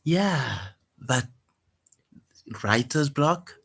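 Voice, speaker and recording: A man's voice: medium pitch, expressive, extremely slow, gravelly, breathy edge. A man talking casually and hesitantly about his own poem, full of fillers and restarts. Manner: soft-spoken, wistful, guarded. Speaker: poet vlogger. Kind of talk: casual reflective monologue.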